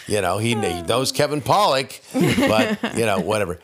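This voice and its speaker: A man from Canada, a guest voice actor, telling animated anecdotes in casual chat and slipping into impressions. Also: fairly low pitch, normal speed, few pauses, crowd noise. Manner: animated storyteller who slips into impressions.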